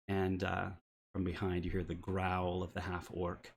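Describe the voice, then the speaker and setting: A man's voice: sits low, completely flat delivery, measured pace, creaky, a little hiss or hum. A man narrating as game master of a tabletop game, hesitant with many filler sounds.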